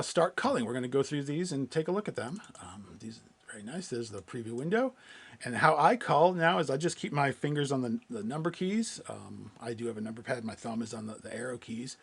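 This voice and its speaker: A man presenting a software webinar, walking through a live screen-share demo in a loose, conversational way with many fillers and restarts. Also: medium pitch, creaky, breathy edge.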